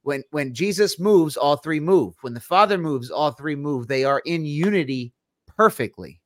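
A podcast co-host walks through scripture verse by verse, quoting as he goes, in a casual Bible discussion. His voice is a little high and animated at normal speed, and the sound is dry and close with no echo.

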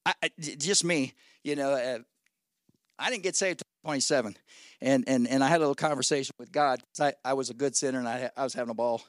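A man in his sixties preaching a sermon as guest pastor, folksy and exhorting, swinging between loud shouts and low asides. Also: a little fast, long pauses, no echo, clean studio sound. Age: 60s. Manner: folksy, exhorting with 'come on, somebody'.

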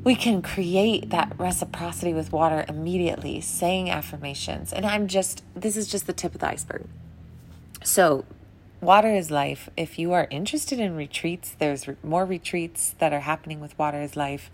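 A young woman with a lowish voice hosts a podcast, talking briskly with hardly any pauses. Earnest and emotional, she rambles about wellness in a loose spiritual monologue, her sentences wandering and peppered with laughs.

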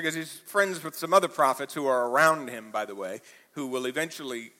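A man preaching a sermon to a church, talking conversationally, dropping to quiet asides and rising to loud emphatic peaks. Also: mid-range voice, fairly quick, long reverb tail. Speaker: pastor. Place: church auditorium.

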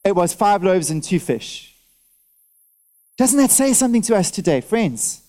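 A man preaching a sermon to his church, lively and direct, throwing out rhetorical questions and asking the congregation for nods and amens while wearing a mask. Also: sits high, a little slow. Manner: talks directly to listeners, asks for nods and amens. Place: church service.

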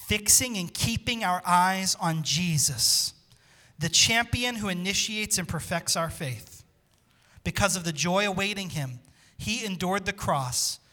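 A man preaching with a high, forceful voice. As pastor, he delivers an emphatic sermon. He keeps turning to the congregation with questions and calls for them to answer.

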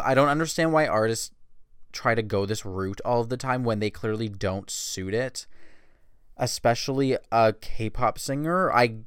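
A man's voice: on the low side, clean tone, no room sound, studio quality. Snarky man in his late twenties. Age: late 20s. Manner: blunt, sarcastic, profane. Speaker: celebrity news commentator. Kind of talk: snarky celebrity gossip commentary.

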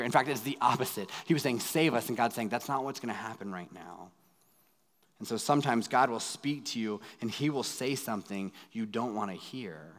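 A man in his thirties, a pastor preaching a sermon in a dramatic way, going from loud pleading to hushed asides. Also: mid-range voice. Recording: long hall reverb.

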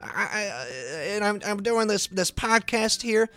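A man's voice: high-pitched, expressive, measured pace, creaky, pushed and bright, soft background music, voice pushed up, heavily acted. A man putting on a grumbling voice to impersonate his fed-up podcast co-host, stammering as he complains.

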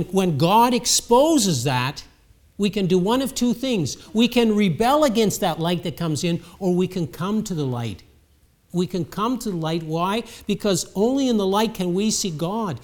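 A male preacher with a high speaking voice delivers a sermon. He talks in a conversational way and often doubles words as he restarts a thought.

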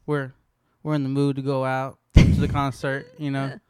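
A woman's voice: a bass voice, completely flat delivery, moderate pace, warm tone, clear, resonant tone, no room sound. Profane storytelling woman, dry sound. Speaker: podcast co-host. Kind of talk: casual chat.

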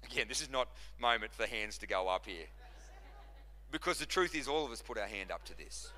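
Forceful man preaching in a hall. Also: lowish voice, expressive, fairly quick. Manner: impassioned preaching with repetition and restarts. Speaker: pastor. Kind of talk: sermon. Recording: long reverb of a large hall.

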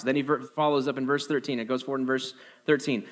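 Animated, joking male pastor preaching. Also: a little fast. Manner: animated, jokey, acts out quotes in high voices. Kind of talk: sermon.

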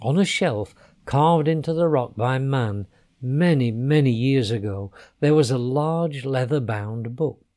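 A man narrating a children's storybook in an expressive, unhurried way. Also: mid-range voice.

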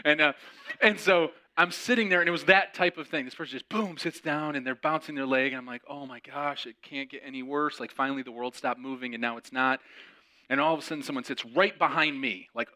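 A man's voice: on the high side, brisk. A man hosting a podcast, telling a personal story as a sermon and acting out the voices of the people in it. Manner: animated, acts out quoted voices. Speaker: podcast host and preacher.

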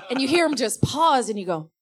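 A young woman, a comedy writer, telling funny stories in a lively, laughing way and acting out the people in them. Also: high voice, brisk, noisy background. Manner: animated, laughs often, acts out voices in her stories. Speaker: comedy writer and guest storyteller. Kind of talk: casual comedic storytelling before a live audience.

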